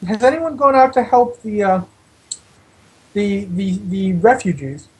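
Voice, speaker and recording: A tabletop game player speaks in character. The voice is mid-pitched. The phrasing is formal and earnest. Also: lively intonation, measured pace, a little mellow, rough recording.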